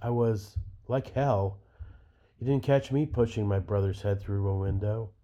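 A man reading as a gruff, cursing husband. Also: on the low side, fairly even intonation, unhurried, dark tone, close to an everyday voice. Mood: angry. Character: angry working-class husband, middle-aged. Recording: dull lo-fi recording.

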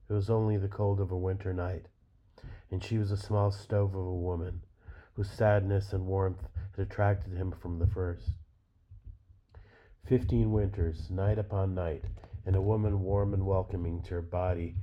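Guy reading a novel aloud, deep mellow voice, slow storytelling, muffled sound. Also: little pitch movement. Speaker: reader. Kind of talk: literary fiction reading. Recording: dull lo-fi recording.

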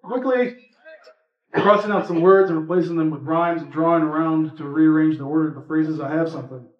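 A man with a slightly high voice reads a personal story aloud at a live event, relaxed and conversational. He sounds muffled and far from the mic, in a roomy, echoing space. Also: fairly quick. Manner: relaxed, conversational, a few fillers between parts. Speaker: reader at a live reading. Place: indoor reading event. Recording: echoey room, from far off, muffled.

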